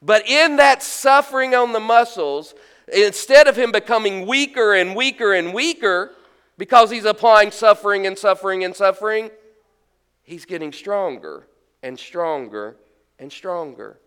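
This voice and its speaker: A man preaching a sermon as pastor, swinging between loud emphasis and hushed, quiet lines. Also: high voice, expressive, a little slow, clean tone.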